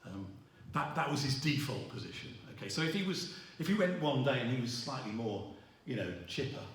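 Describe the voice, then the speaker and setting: A man's voice: medium pitch, very animated, distant mic. Man preaching in an echoey hall. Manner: halting, with many restarts and fillers. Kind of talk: sermon. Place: church hall. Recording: roomy echo, voice from afar.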